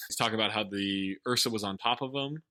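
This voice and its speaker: A man's voice: lowish voice, quick pace, pushed and bright. A man co-hosting a podcast, casually recapping a movie plot with wry jokes. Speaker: podcast co-host.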